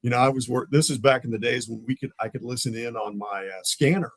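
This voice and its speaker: An older man, a former police officer telling animated stories in a casual chat. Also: medium pitch, quick pace, no room sound, poor audio. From Tulsa, Oklahoma. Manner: animated, acts out others' voices in his stories; laughs often mid-story.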